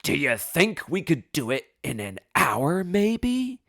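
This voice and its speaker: A man's voice: medium pitch, animated, a little slow, fairly bright tone, dry recording, clean studio sound. A man voicing a stern, humorless old male judge who speaks curtly and impatiently. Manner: curt, impatient.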